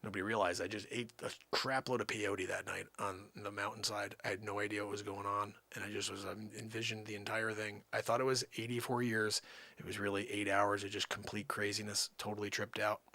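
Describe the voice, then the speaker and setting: A man hosting a livestream, telling a rambling comic story and swinging from low mutters to loud outbursts. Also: little pitch movement, fairly quick, vocal fry, dry recording. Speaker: livestream host.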